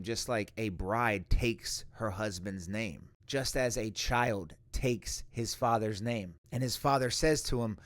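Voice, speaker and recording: A man's voice: fairly low pitch, slow, few pauses, fairly bright tone. A man hosting a Christian reaction video, arguing emphatically and reading scripture aloud. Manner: emphatic, argumentative, quoting scripture. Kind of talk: reaction commentary and Bible teaching.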